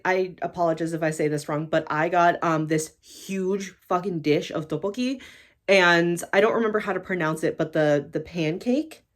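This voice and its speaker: A woman vlogger talking to camera in a casual, exasperated rant, swearing constantly and speaking bluntly. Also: fairly low pitch. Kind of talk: casual ranting monologue to camera.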